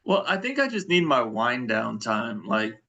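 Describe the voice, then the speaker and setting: A man's voice: medium pitch, sing-song, unhurried, bright, forceful tone, dull audio. A man co-hosting a podcast in easygoing, amused casual chat. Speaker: podcast co-host.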